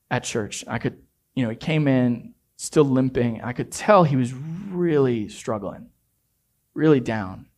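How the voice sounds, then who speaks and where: A man preaching a sermon as a pastor, telling a story in a hushed, intimate way and rising to emphatic exhortation. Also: mid-range voice.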